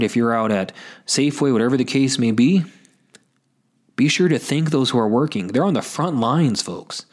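Earnest man giving pastoral faith talk. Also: mid-range voice. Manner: earnest and exhortative, addresses listeners as folks; unscripted, with frequent repeats and restarts. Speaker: host of a Catholic talk show.

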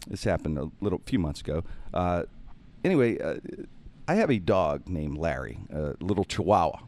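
Speaking at a normal speed, a deep-voiced podcast host from Pittsburgh casually shares funny stories. He's animated, putting on voices for the characters he describes and laughing often.

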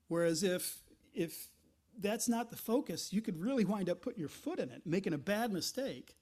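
A man's voice: high-pitched, expressive, normal speed, darkish tone. A man preaching a sermon in a conversational way, often restarting phrases and acting out little quoted asides. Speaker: pastor.

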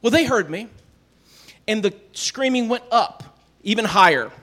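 Man, high voice, middle-aged, folksy, self-deprecating, animated storytelling. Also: a little slow. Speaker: speaker telling a family story to an audience.

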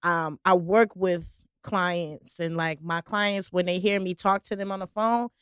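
A young woman with a lowish voice chats on a podcast, frank and emphatic. She tells stories and acts out her own lines. The recording is close and dry. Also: fairly even intonation, a little slow, clean tone, no echo. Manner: frank, emphatic storyteller who quotes herself. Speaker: podcast co-host. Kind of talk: casual chat.

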